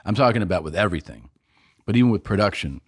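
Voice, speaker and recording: Low-voiced man telling a story, dry sound. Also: fast talker, breathy edge, no room sound. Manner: animated storyteller, acts out others' lines, laughs often. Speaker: podcast co-host and comedian. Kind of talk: casual storytelling chat.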